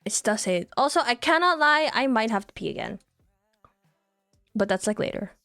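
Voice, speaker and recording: A woman's voice: on the high side, animated, normal speed, bright, forceful tone, no room sound, studio quality, soft background music. A young woman streaming casually, giggly and tender, who swears offhandedly. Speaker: VTuber streamer.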